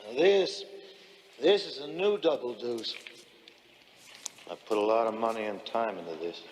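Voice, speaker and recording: A man's voice: mid-range voice, a little hiss or hum, close to an everyday voice. A man playing a boastful bar owner in an echoey hall. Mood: proud. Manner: boastful, measured announcement. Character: proud male bar owner showing off his bar. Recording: roomy film clip with long echo.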